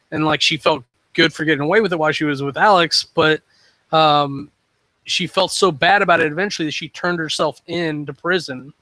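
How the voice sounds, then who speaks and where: A man's voice: fairly high pitch, bright, forceful tone, no echo, poor audio. A man hosting a casual solo podcast, rambling through his opinions on shows with many ums and restarts. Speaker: web show host.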